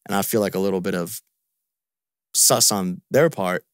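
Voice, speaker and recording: Man, lowish voice, dry close sound, casual podcast rant, profane and frustrated. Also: moderate pace, smooth, dry recording. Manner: frustrated, repetitive, profane venting. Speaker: podcast guest.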